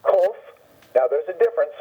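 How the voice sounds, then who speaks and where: A man on a radio phone-in patiently explaining the Hebrew alphabet, slowly repeating and spelling out each letter. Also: mid-range voice, husky. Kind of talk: patient spoken lesson on a radio call. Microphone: telephone. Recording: dull lo-fi phone line with faint music.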